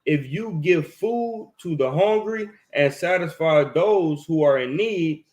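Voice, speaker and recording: A man reading scripture aloud in a Bible study, halting and deliberate, with "uh" fillers. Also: on the high side, expressive, darkish tone.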